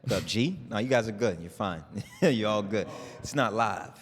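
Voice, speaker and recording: Low-voiced host, relaxed slangy banter, long reverb. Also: male voice, moderate pace. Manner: laid-back, slangy, short quips. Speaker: podcast host. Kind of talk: casual podcast chat.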